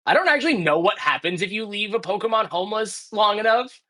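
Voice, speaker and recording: A man's voice: high voice, animated, fast, bright, forceful tone. A man streaming a speedrun, chatting casually and thinking aloud as he plays, often correcting himself. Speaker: speedrunner playing live. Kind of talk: casual commentary while playing.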